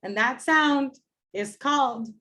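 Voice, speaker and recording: A phonetics professor with a slightly higher female voice lectures slowly to a classroom of students. She explains carefully, modeling speech sounds out loud one by one.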